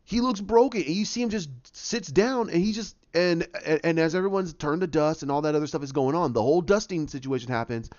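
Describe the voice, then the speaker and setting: A man's voice: fairly high pitch, a little fast, hardly any pauses, darkish tone, no room sound, highs cut off. A man hosting a podcast, recapping a film casually and acting out scenes with many restarts. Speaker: podcast host.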